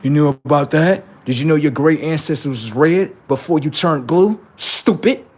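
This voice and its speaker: A man on his livestream rants heatedly about politics, swearing and goading his listeners. He speaks at a moderate pace with a fairly high pitch and a darkish tone.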